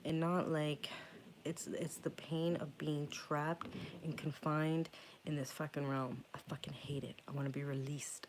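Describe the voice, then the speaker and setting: A man's voice: on the high side, a little hiss or hum. Profane man rambling through a story. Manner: profane, rambling, often drops to a hushed whisper. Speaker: occult channel host. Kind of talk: casual vlog storytelling.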